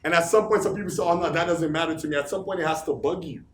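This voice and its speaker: A man with a high voice gives a motivational speech in an echoey meeting room. He keeps firing rhetorical questions at the crowd and repeats key lines for emphasis. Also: very fast, a little hiss or hum. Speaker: office leader giving a motivational talk.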